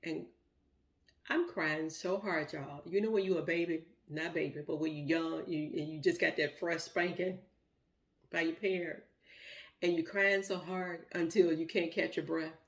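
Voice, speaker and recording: A woman's voice: low-pitched, fairly even intonation, moderate pace. A middle-aged woman, telling a heartfelt personal story in a rambling, emotional way with many fillers. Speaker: vlogger.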